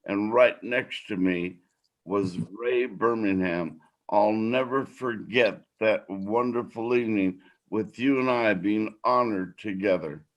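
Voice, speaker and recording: An older man hosting a podcast, speaking slowly and with feeling. His talk is heartfelt and rambling, and his voice sits a little low. He is moved by his subject. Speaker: podcast host.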